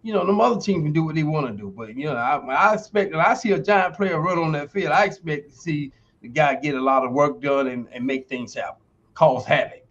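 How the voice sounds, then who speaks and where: A man's voice: a little high, brisk. A man in his sixties, a former football player and university instructor, telling stories emphatically as a podcast guest and acting out quoted dialogue. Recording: dull lo-fi stream audio.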